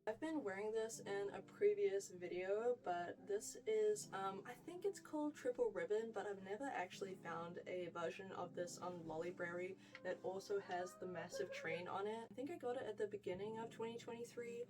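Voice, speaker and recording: A woman's voice: mid-range voice, lively intonation, moderate pace, few pauses, distant mic, over music, rough recording. A young woman with a New Zealand accent giving a chatty, gushing wardrobe tour, full of "like" and "freaking". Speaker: fashion vlogger.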